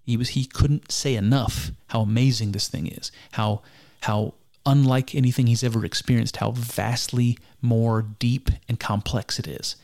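Man, middle pitch, reflective commentary; earnest, musing, halting delivery. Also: fairly even intonation, a little mellow. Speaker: speaker discussing mysticism. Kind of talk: reflective spoken commentary on a text.

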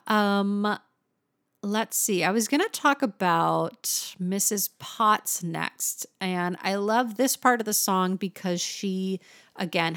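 Animated woman explaining song lyrics. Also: medium pitch, dry recording, studio quality. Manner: animated, sings short snippets to demonstrate. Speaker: teacher analyzing song lyrics. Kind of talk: explanatory lesson.

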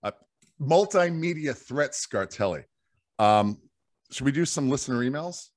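A man's voice: medium pitch, expressive, unhurried. Guy hosting a sports podcast, voice jumps around a lot, wry and joking. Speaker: podcast host. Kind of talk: casual sports podcast chat.

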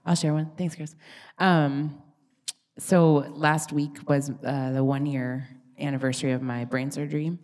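A middle-aged woman sharing a personal story with a group, soft and earnest, pausing with fillers. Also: low-pitched, level tone.

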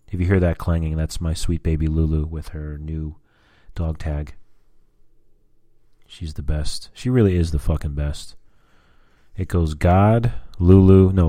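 A deep-voiced man rambles through a casual personal vlog, dropping fillers and curse words as he catches up with his viewers. His tone is dark and mellow, and the recording is dry and close. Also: no echo. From US Southwest. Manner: rambling, frequent fillers and cursing. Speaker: vlogger.

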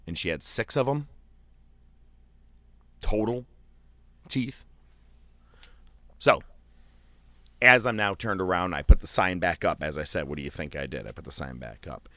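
A man telling a profane, animated story in casual chat, acting out the voices of the people in it. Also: sits low, measured pace, long pauses, dry recording. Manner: profane, animated, acts out quotes.

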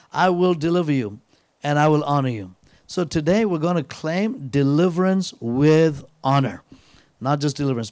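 A man's voice: a little high, a little mellow, dry recording. A man preaching as a guest speaker, telling a personal story and returning again and again to a scripture refrain with frequent "praise God.". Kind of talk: sermon.

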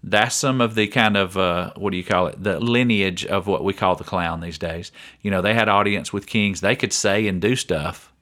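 Chatty man with a lowish voice. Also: moderate pace, hardly any pauses, a bit bright. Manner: chatty, keeps saying his co-host's name. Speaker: podcast co-host. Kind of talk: casual podcast chat.

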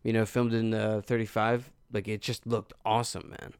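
A man's voice: on the low side, little pitch movement, moderate pace, clear, resonant tone, no echo, studio quality. A man hosting a podcast in casual chat, rambling and searching for his words. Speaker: podcast host. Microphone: studio mic.

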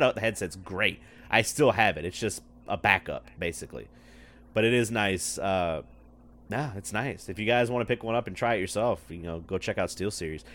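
A man's voice: lowish voice, sharp tone. A man co-hosting a casual podcast chat on a headset mic in an office, talking loosely with frequent swearing and laughs. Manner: loose and profane, laughs often. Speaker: podcast co-host. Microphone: wireless headset.

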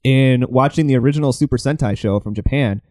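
A man's voice: medium pitch, quick pace, a little mellow, no room sound, studio quality. A man hosting a casual comedy podcast, rambling and joking with his co-hosts. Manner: jokey, rambling, laughs often. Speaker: podcast host.

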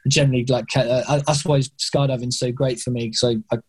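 A man's voice: mid-range voice, fairly even intonation, fast, husky. Hesitant English man in casual chat. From England. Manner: hesitant, repeats words often. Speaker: guest. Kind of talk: casual conversation.

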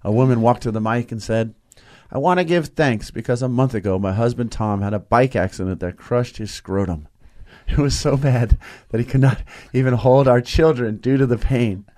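A man's voice: mid-range voice, normal speed, a little mellow. A man co-hosting a comedy show, telling a story with a joking manner and laughing along the way. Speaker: co-host.

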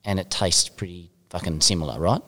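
A man's voice: low-pitched, brisk, pushed and bright. A man hosting a casual podcast interview, talking in a chatty, enthusiastic way with the odd casual swear. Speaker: podcast host. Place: gym.

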